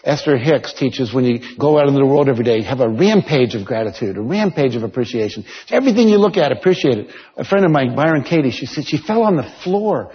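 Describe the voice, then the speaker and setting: Husky-voiced man in a reverberant hall. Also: medium pitch, fast talker, few pauses. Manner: lively storytelling, coaching the listeners directly. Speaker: motivational speaker. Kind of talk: seminar talk to an audience. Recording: dull lo-fi sound with long hall reverb.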